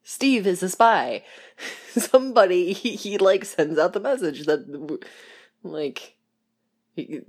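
A woman's voice: lowish voice, expressive, takes it slowly, long pauses. A young woman chatting casually about a TV show, rambling and laughing as she acts out lines in little voices.

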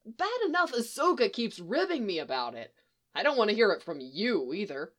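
A woman's voice: mid-range voice, sing-song, moderate pace, voice pushed up. A woman doing a grumpy young Jedi knight. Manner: grumbling, brusque.

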